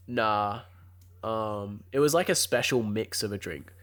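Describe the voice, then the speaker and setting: A man, co-hosting a podcast in relaxed, jokey casual chat. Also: fairly low pitch, measured pace. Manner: relaxed and jokey, with fillers and trailing off. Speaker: podcast co-host.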